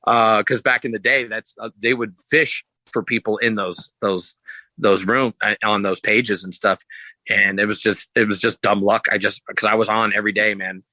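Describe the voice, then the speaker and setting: Bright-voiced man telling wild stories. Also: fairly even intonation, normal speed, no room sound, low-quality recording. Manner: rambling, restarts, acts out quotes with pitch jumps; loose, swears casually. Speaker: podcast guest, sideshow performer. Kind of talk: casual storytelling.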